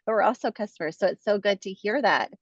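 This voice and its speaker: A woman's voice: medium pitch, quick pace, dry recording. A woman hosting a business interview who encourages her guest and backs her up with frequent murmurs of agreement. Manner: supportive, frequent affirming murmurs. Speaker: interview host. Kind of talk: conversational interview. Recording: slightly dull dry recording.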